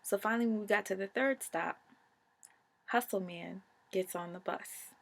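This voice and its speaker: A young adult woman vlogger telling a personal story in a casual, animated, emotional way. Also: medium pitch, moderate pace, gravelly.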